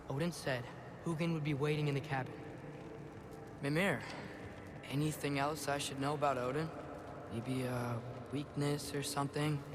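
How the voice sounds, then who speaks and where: An actor playing an earnest, gentle teenage boy in a game cutscene, soft-spoken and reassuring. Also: medium pitch, noisy background, close to an everyday voice. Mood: joking.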